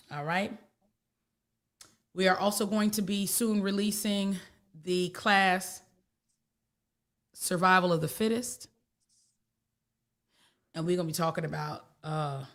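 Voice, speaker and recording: A woman's voice: medium pitch, a bit bright. A woman spiritual teacher, talking casually in a blunt, folksy way and repeating herself for emphasis. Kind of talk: casual talk.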